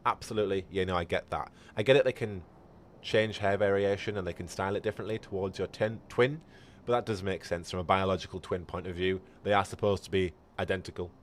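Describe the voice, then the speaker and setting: A man's voice: low voice, fairly even intonation, quick pace, slight background noise. A man giving chatty live gameplay commentary and answering viewers as a streamer. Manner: chatty, reads chat aloud. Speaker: game streamer.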